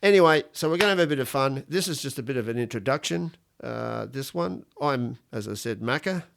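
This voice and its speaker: A fifty-something Australian man hosts a rough-and-ready podcast from his garage. His mid-range voice has a gravelly edge, and he rambles through blunt, profane jokes in an easy, offhand way. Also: medium pitch, lively intonation, brisk. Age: 50s. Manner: blunt, swearing, rambling and jokey. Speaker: podcast host. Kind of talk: casual solo podcast monologue. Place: home garage studio.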